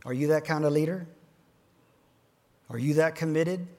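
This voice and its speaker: High-voiced man giving a dramatic keynote. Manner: dramatic, swings between loud emphasis and hushed near-whisper; slows down to stress key phrases. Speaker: keynote speaker to financial advisors. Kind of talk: motivational keynote speech.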